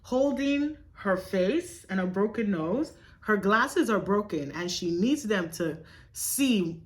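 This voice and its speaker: Speaking slowly in a mid-range voice, this young woman vlogs about something dramatic that happened to her. Her retelling is lively, emphatic and casual, with plenty of profanity.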